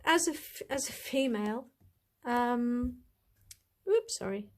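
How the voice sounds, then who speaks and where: A woman's voice: fairly high pitch, expressive, takes it slowly, darkish tone. Chatty woman gushing over cards. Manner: chatty, gushing, rambling with asides. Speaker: tarot reader reviewing a deck. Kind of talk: casual deck review to camera.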